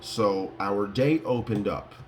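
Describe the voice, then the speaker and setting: A man's voice: on the low side, slow pace, noisy background. A man casually telling his viewers a rambling story, laughing and full of fillers. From Colorado. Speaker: vlogger.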